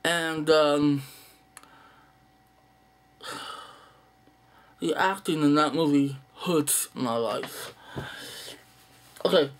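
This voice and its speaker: A young man with a slightly high voice, rambling through an unedited list in a casual monologue. He is blunt and profane, sighing and stalling with fillers as he goes. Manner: blunt, profane, dismissive opinions; sighs and halting fillers. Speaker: movie vlogger.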